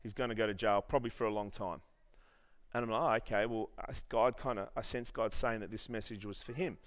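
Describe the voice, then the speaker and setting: A man's voice: fairly low pitch, steady tone, fast talker. A man preaching a sermon, telling a story with many restarts and then leading the congregation in earnest prayer. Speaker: pastor.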